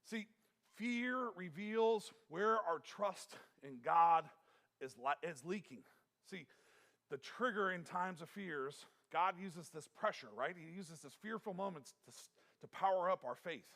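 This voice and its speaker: A man's voice: high-pitched, lively intonation, measured pace, fairly bright tone. A man preaching a sermon as pastor, earnest and emphatic, often repeating himself and restarting phrases.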